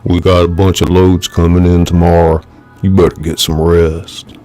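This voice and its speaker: A man voicing a gruff older father with a hoarse, raspy voice, talking bluntly. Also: deep voice, little pitch movement, moderate pace, mellow, faint music behind, close to an everyday voice. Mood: curt.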